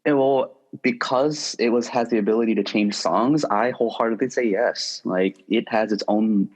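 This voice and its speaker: Low husky man on a dull mic. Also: normal speed, a little mellow. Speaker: podcast guest. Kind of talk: casual movie discussion.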